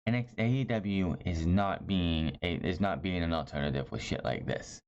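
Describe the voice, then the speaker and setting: A man with a low, darkish voice recaps a wrestling show at a moderate pace, casual and opinionated. He's blunt and rambling, often correcting himself mid-sentence. The lo-fi audio sounds slightly dull with faint hiss.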